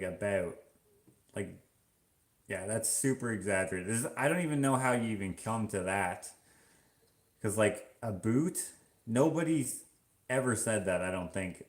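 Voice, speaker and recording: A man from Canada chatting casually in a vlog, rambling and halting with many fillers and restarts. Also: fairly low pitch, roomy sound. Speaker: vlogger. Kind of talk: casual chat.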